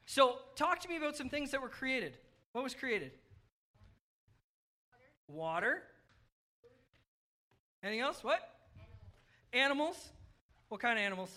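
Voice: sits high, big pitch swings, a little slow, pauses often, sharp tone. A children's pastor giving a playful, upbeat children's sermon at a church service, coaxing the kids along while also addressing the adults.

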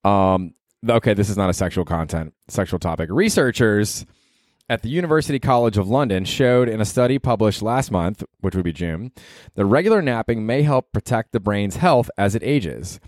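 A man talking through a casual solo podcast, wandering from story to story, dropping swear words and chuckling at himself. His voice sits fairly low, and the sound is dry and close, with no room around it. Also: expressive, normal speed, a little mellow, no echo. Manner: rambling, swears casually, laughs at own jokes. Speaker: podcast host.

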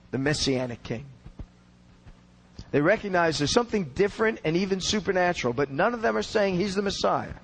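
A man's voice: fairly high pitch, a little hiss or hum, rough recording. A man giving an expository Bible teaching in an earnest, explanatory way, leaning on key words for emphasis.

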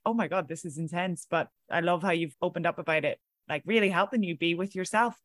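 A woman's voice: fairly low pitch, no room sound, studio quality. Reflective Irish woman hosting a chat. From Ireland. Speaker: podcast host. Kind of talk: casual interview conversation.

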